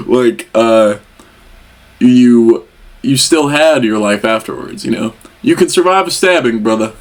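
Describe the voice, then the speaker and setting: A man's voice: medium pitch, measured pace. A young man chatting casually as he reacts to an album, rambling and talking straight to the artist as "brother". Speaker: music reaction host. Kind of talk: casual chat.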